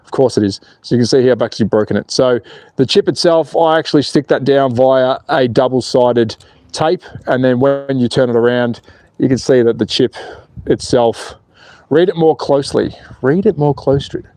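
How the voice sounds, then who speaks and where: A man's voice: mid-range voice, normal speed, a little mellow, no echo. An Australian man hosting a casual livestream, chatting and joking with viewers as he works on his slot car track. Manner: chatty and joking, reads viewer comments aloud.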